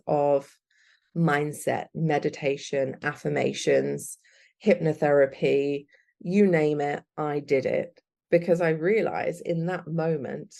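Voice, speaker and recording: Young woman guest, low husky voice with fry, mellow tone, earnest and candid. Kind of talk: personal storytelling.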